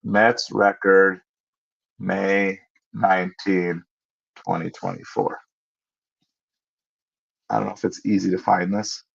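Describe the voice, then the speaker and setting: A man hosts a casual livestream, answering viewer questions conversationally and thinking out loud, pausing with fillers as he looks things up. His low voice is animated and fairly bright, with some vocal fry, and the sound is lo-fi.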